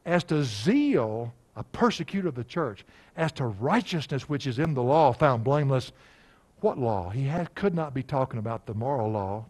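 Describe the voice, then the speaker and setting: A man preaching an expository sermon, quizzing his listeners and slowing down to read scripture aloud. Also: medium pitch. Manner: animated, asks the congregation questions, slows for scripture.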